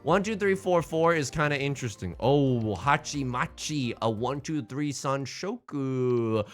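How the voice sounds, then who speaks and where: A young man streaming a mahjong game, joking with his chat and reacting loudly to his hands. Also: mid-range voice, measured pace, hardly any pauses, faint music behind. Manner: jokey, animated, talks to chat and reacts loudly to tiles. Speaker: Twitch streamer. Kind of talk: casual live-stream commentary while playing mahjong.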